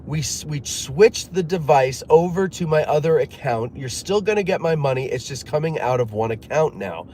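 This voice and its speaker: A man's voice: fairly high pitch, animated, a little mellow, a little hiss or hum. A man telling a long, exasperated personal story in a casual monologue, rambling and quoting other people as he goes. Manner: rambling, exasperated, acts out others' lines in quick quotes; frequent fillers and restarts, sighs.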